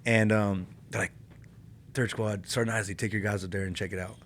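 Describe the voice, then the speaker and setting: In a relaxed podcast interview, this Californian former army infantryman tells war stories with animation and laughter. He speaks on the low side and fairly quickly, with a little hiss or hum in the audio.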